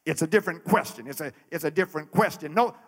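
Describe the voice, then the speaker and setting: A man preaching a sermon in a rising and falling cadence, repeating his words and swelling to shouts. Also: a little high, quick pace.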